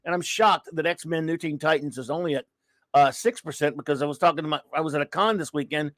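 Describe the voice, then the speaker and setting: A man hosting a live comics talk show, chatting casually and rambling through friendly shout-outs to viewers in the chat. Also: on the high side, fast talker, dry recording. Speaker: podcast host.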